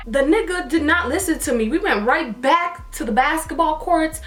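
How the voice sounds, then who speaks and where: High bright young woman. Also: normal speed, hardly any pauses. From Toronto area, Canada. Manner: animated, acts out everyone's lines. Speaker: vlogger. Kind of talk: casual storytime. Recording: echoey room.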